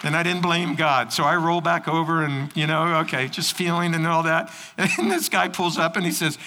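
Pastor, male, high bright voice, preaching a sermon with lively storytelling, reverb of a church hall. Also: fairly quick, few pauses. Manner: storytelling, acting out voices in anecdotes.

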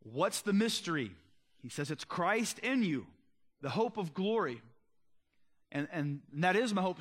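Casting note: male pastor, slightly high voice, earnest and conversational, slows to stress key lines. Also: lively intonation, fairly bright tone. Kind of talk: sermon.

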